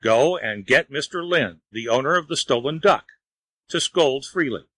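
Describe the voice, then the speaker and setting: A man voicing an old male fairy who scolds and teases slowly and deliberately. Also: medium pitch, animated, fairly bright tone, rough recording. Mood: scolding.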